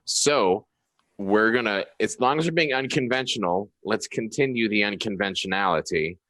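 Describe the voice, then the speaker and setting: A man's voice: on the low side, normal speed, fairly bright tone, dry recording. A man playing a tabletop game, thinking aloud hesitantly with restarts. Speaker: player. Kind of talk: casual tabletop play.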